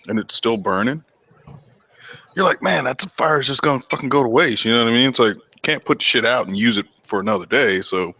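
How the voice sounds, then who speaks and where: A man's voice: lowish voice, bright, forceful tone, a little hiss or hum. A man hosting a casual late-night livestream while barbecuing, rambling and swearing with many restarts. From United States. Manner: rambling, profane, restarts a lot. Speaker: livestream host.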